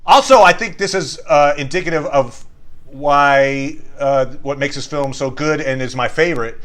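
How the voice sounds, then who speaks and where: Bright, eager man chatting about a film. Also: a little high, moderate pace. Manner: enthusiastic, quotes movie lines in playful voices. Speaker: podcast co-host. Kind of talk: casual chat.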